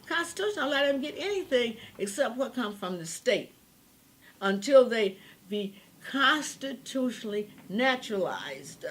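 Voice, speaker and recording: Rambling high-voiced older woman. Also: a bit bright. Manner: rambling, emphatic, preachy. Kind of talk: impassioned political monologue.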